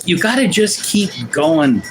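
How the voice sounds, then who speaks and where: A man's voice: sits high, big pitch swings, measured pace, music in the background, poor audio. A man from Portland hosting a livestream, chatting casually with viewers in a rambling, self-deprecating way, often restarting his sentences. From Portland, Oregon, USA. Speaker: livestream host and artist.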